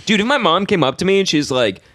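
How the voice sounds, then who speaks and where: Animated young man telling a story, bright voice. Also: high voice, quick pace. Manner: animated storyteller, acts out quoted voices loudly. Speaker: podcast co-host. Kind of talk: casual podcast chat.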